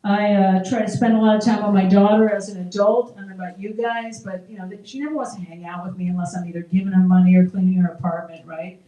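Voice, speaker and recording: A middle-aged woman with a mellow, medium-pitched voice performs stand-up at an open mic, talking quickly with fairly even intonation and hardly any pauses. She's conversational and self-deprecating, laughing at her own jokes, and the distant mic catches plenty of room echo.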